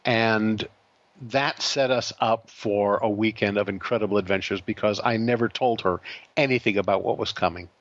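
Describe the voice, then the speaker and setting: A man's voice: on the low side, normal speed, lo-fi sound. A man, a guest on an interview show, telling an anecdote and acting out the quoted voices. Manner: animated, acts out quoted voices. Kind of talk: storytelling anecdote.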